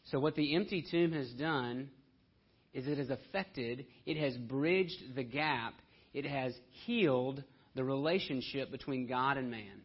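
A man preaching a sermon, swinging between hushed and loud delivery. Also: medium pitch, measured pace, breathy edge. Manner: dramatic shifts between soft and loud delivery. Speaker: pastor. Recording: dull lo-fi sound.

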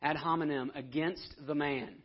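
A man's voice: on the high side, fairly even intonation, moderate pace. A man preaching a conversational sermon, now and then acting out the voices of the people in his story. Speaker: pastor. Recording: dull lo-fi audio.

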